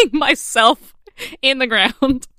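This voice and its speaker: A woman's voice: sits high, extremely slow, pushed and bright, no room sound, clean studio sound. A young woman co-hosting a podcast in casual chat, laughing often and telling stories with animation. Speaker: podcast co-host.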